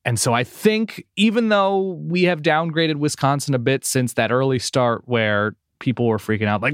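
A man's voice: mid-range voice, moderate pace, hardly any pauses, clean tone, no echo, studio quality. A man co-hosting a casual sports podcast, breaking down stats in a chatty, self-correcting way. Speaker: podcast co-host.

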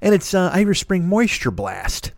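Casting: swearing, self-deprecating comic host in his forties, slightly higher voice, talking in a dry room. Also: very animated, moderate pace, no room sound. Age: 40s. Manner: profane, self-mocking, digressive. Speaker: podcast host. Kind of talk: rambling comedic monologue.

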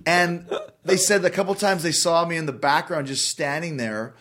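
A man from Canada, a podcast guest telling stories in lively casual chat and swearing freely. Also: on the high side, moderate pace. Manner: animated storyteller, swears freely.

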